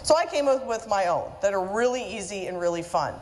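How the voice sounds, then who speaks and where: Animated woman speaking in a reverberant hall. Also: mid-range voice, brisk. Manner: animated, chatty and self-mocking. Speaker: keynote speaker and author. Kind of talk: humorous conference talk. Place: event hall with audience. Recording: reverberant hall, faint room noise.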